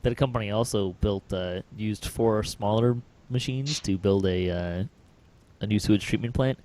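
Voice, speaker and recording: Low-voiced man telling a rambling story. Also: moderate pace, darkish tone. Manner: rambling, chuckling storyteller with many fillers. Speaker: podcast host. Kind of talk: casual chat.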